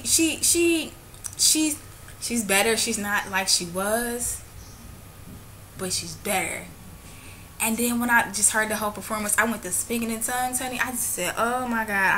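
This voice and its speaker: A woman talking straight to camera in a casual vlog, gushing and excitable, drifting into preachy church talk. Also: mid-range voice, a little hiss or hum. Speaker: vlogger.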